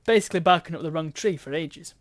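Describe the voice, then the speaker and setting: A man's voice: on the high side, quick pace, no echo. A man giving chatty, self-mocking commentary while streaming a game.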